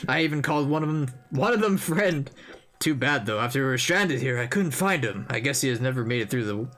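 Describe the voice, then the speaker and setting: A man reading aloud the lines of an elderly male echidna historian from a game, in a mild, wistful, sentimental manner and a lively, swooping voice. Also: mid-range voice, fairly quick, pitched above the performer's own voice, natural voice.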